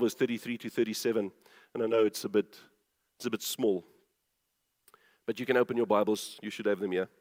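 A man preaching a sermon, emphatic and full of rhetorical questions, urging his listeners to pay attention. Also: lowish voice. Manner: urges listeners to pay attention, repeating himself. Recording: long reverb of a large hall.

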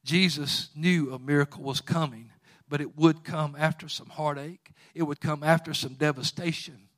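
Male preacher, slightly high voice; fervent sermon delivery, quiet retellings building to loud exhortation. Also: fairly even intonation, moderate pace.

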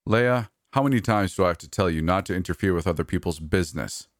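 A surly park manager, voiced by a man, mutters low and menacing with a deep voice. He sounds dry and close. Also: fast talker, no echo, natural voice. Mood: irritated.

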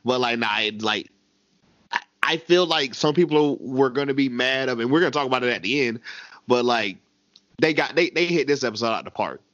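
A man co-hosting a podcast in a loose, animated way, stammering, restarting and swearing as he recaps a show. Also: medium pitch, brisk, dry recording, lo-fi sound. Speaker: podcast co-host. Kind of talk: casual chat recapping a TV show.

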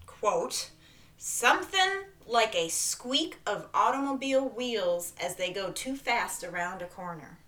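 A woman's voice: mid-range voice, lively intonation, unhurried, pushed and bright. A woman co-hosting a podcast who tells a story in a chatty way, with playful asides. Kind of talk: casual chat.

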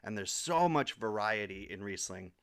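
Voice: low-pitched, lively intonation, normal speed, fairly bright tone, no echo, clean studio sound. A podcast co-host in a casual wine chat, teasing and wry, laughing easily.

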